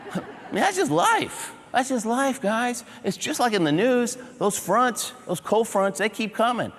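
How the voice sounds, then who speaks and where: Animated man speaking in a reverberant hall. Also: extremely high pitch, unhurried, some chatter behind. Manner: animated, punchy short phrases with audience check-ins. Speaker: motivational keynote speaker. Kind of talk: humorous motivational storytelling. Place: large auditorium before a big audience.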